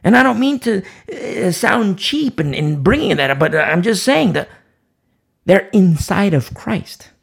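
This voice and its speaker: A man preaching with a gravelly, husky voice pitched a little high. He swings widely in pitch, pressing hard on key words and repeating rhetorical questions, then dropping to a near hush. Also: big pitch swings, a little slow. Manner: emphatic, repetitive rhetorical questions, swings from loud to hushed. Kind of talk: sermon.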